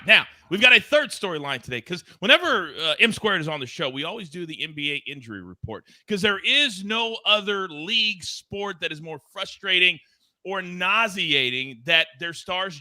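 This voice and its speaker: An energetic man hosts a live sports betting show with a very bright, forceful voice that sits fairly high. He sounds dry and close to the mic, pumped up and playful with his viewers. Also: no room sound. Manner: hyped, playful, reads viewer chat. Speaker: host.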